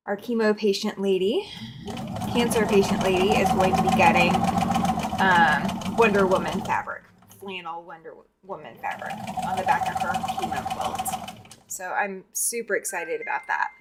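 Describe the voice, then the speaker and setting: A woman's voice: medium pitch, noisy background. A woman hosting a live quilting stream, chatting casually and greeting viewers by name while she sews. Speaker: quilting livestream host.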